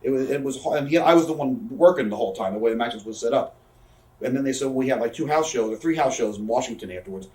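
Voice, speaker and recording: This is a man in his thirties, his mid-range voice a little mellow, captured far from the microphone amid roomy echo. During a shoot interview he tells casual stories fast and full of profanity, voicing the people he quotes.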